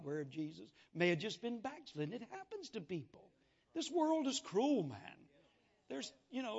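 High-voiced folksy preacher man. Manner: folksy, animated testimony with acted-out dialogue. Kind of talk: sermon storytelling. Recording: dull lo-fi sound.

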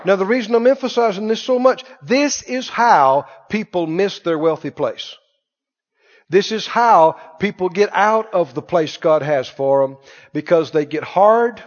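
A male pastor preaching a sermon emphatically, with call-and-response questions to the congregation. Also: high voice. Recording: dull echoey church recording.

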